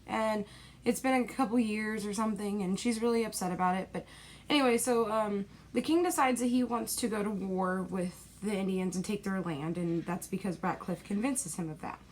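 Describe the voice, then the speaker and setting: A young woman at home delivers an exasperated, rambling movie-review rant in a middle-pitched voice. She piles on fillers and dismissive asides as she talks. A faint hiss sits under the recording. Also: moderate pace.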